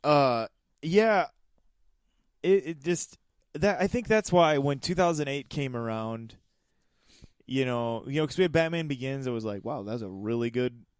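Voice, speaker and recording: Man, podcast host, smooth clear voice, rambling casual chat, dry room. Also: a little high, unhurried, pauses often, dry recording. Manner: rambling, restarts, laughs often.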